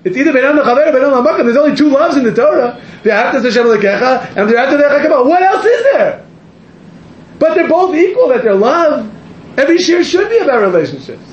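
A man, a rabbi, giving an animated, rambling sermon to a live audience, interrupting himself and rising to near-shouts. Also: very high-pitched, fast, a little hiss or hum. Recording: echoey room, muffled sound.

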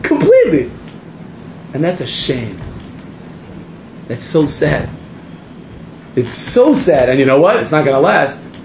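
A man, a rabbi, giving an animated, rambling sermon to a live audience, interrupting himself and rising to near-shouts. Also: fairly high pitch, slow pace, vocal fry, long pauses, slight background noise. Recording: echoey room, muffled sound.

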